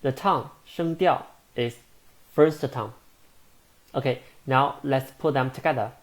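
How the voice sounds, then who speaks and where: A man teaching a beginner language lesson, speaking slowly and deliberately and modeling each sound. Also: medium pitch.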